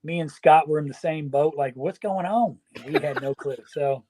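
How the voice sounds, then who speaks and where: A man's voice: fairly high pitch, flat delivery, fairly quick. A man from Georgia with a Southern accent, co-hosting a casual podcast in a rowdy, swearing, hyped-up way. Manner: rowdy, loud, swears, hypes people up. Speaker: podcast co-host. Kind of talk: casual chat.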